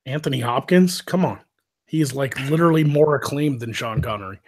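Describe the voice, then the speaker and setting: A man's voice: mid-range voice, lively intonation, fairly quick, darkish tone, a little hiss or hum. A man hosting a live stream, telling stories loosely with lots of swearing and laughter. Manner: loose, profane storytelling with frequent laughs. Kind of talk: casual chat.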